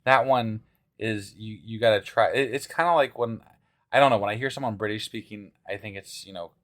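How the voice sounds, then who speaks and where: A man who grew up in the American Midwest, with a Midwestern accent, co-hosting a casual podcast in a laid-back, wry way with halting fillers. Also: fairly low pitch, fairly bright tone. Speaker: podcast co-host. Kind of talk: casual chat.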